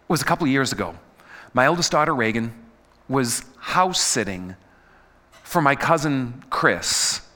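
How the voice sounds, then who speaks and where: A man's voice: on the high side, pushed and bright, long reverb tail. A middle-aged man preaching a conversational sermon, peppering the audience with questions and tripping over repeated words. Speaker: pastor.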